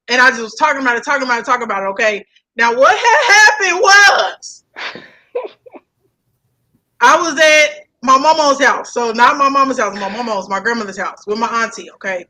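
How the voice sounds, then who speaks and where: A young woman, telling a family story in casual chat, animated and fond of repeating herself. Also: a little high, normal speed, low-quality recording. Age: young adult.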